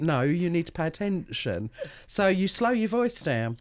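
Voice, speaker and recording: A chatty woman with a London accent, talking on radio in a studio. Her pitch leaps around in a lively way, and she laughs easily while her fast words run together. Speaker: radio co-host. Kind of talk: casual radio chat. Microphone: studio mic.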